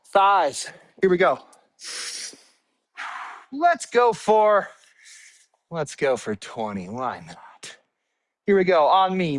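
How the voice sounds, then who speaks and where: A male fitness coach talks people through a bodyweight workout while doing it himself. His voice sits high, and he counts reps and calls out cues, sometimes short of breath. The sound is dry and close. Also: dry recording. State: out of breath at times. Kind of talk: live workout instruction.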